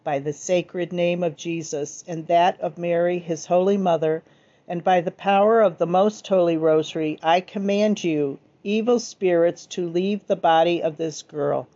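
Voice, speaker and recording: A woman's voice: fairly low pitch, steady tone, measured pace, mellow, lo-fi sound, close to an everyday voice. A woman reading aloud, voicing a priest solemnly commanding evil spirits to leave.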